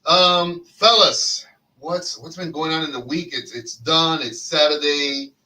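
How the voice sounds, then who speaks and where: A man co-hosting a podcast in a loose joking chat, telling animated stories and slipping into silly voices. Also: a little high, unhurried, far from the mic, poor audio. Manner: animated storyteller who slips into silly voices. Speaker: podcast co-host.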